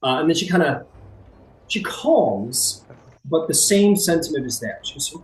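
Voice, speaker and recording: A man narrating as game master in a casual, halting way with many fillers. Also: on the high side, lively intonation, a little hiss or hum. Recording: echoey room, faint music.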